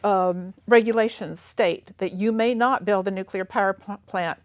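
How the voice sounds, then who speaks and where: A woman's voice: medium pitch, fairly even intonation, normal speed, dry recording. A woman activist guest in an interview, explaining in earnest detail with some hesitations. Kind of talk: casual interview chat.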